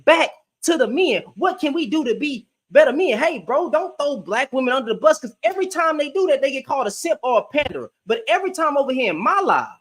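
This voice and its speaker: A man's voice: extremely high pitch, pushed and bright. A young man hosting a heated live debate, ranting fiercely and cursing freely. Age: young adult. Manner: fiery, profane, ranting.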